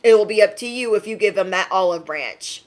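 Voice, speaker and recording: A woman's voice: mid-range voice, brisk. Chatty woman giving a live-stream reading. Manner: chatty, emphatic, laughs often. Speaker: tarot reader.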